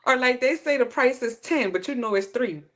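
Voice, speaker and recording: A woman's voice: on the high side, moderate pace, background noise. A woman, chatting casually and acting out quoted exchanges as she tells stories. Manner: animated storyteller acting out quoted exchanges, laughing often. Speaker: host. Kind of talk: casual chat.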